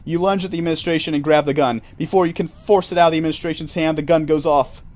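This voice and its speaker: A man's voice: on the high side, fairly even intonation, quick pace, a little mellow. A man narrating a solo tabletop game in a self-amused, chatty way, dropping jokey asides.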